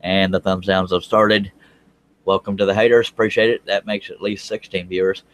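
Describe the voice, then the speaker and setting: A man with a fairly low voice hosts a casual panel over a video call. He jokes and teases his guests as he talks. His talk is loose and chatty. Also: little pitch movement, moderate pace. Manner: joking, teasing. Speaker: host of a woodworking panel show. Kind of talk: casual chat.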